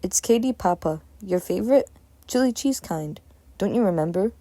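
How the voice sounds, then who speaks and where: A woman's voice: mid-range voice, animated, moderate pace, dark tone, dry recording, close to an everyday voice. A woman voicing a frightened little boy who speaks with a Russian accent, pleading and earnest.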